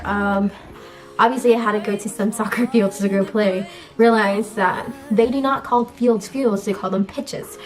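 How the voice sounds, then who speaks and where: A young woman from the US, chatting casually in a vlog and explaining words with lots of fillers. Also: mid-range voice. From United States. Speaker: vlogger.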